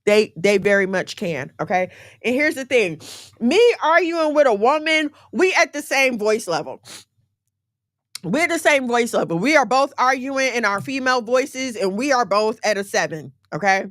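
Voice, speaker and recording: A woman's voice: fairly high pitch, expressive, moderate pace, a bit bright, no room sound, clean studio sound. Emphatic woman giving blunt advice. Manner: emphatic, repeatedly checking in with listeners. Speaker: livestream host giving relationship advice. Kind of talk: casual advice talk to viewers.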